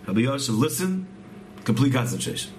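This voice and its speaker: A man's voice: medium pitch, big pitch swings, brisk, darkish tone, slight background noise. A man earnestly telling a religious story, often repeating words and restarting phrases as he goes. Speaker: storyteller teaching a religious tale.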